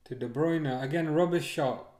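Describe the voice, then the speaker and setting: A man's voice: on the high side, moderate pace. A man streaming a live football watchalong, chatting casually and ranting with many restarts. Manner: rambling, excitable rants with repeated restarts.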